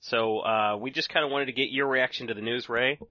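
Podcast host guy, sharp bright voice, steady newsy delivery, dry muffled mic. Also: medium pitch, brisk, dry recording. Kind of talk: podcast interview. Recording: dry, dull lo-fi recording.

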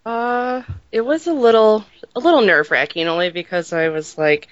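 A woman's voice: mid-range voice, fairly even intonation, normal speed, no echo, dull audio. A woman podcast co-host chatting casually, self-deprecating and gushing about people she met. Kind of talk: casual chat.

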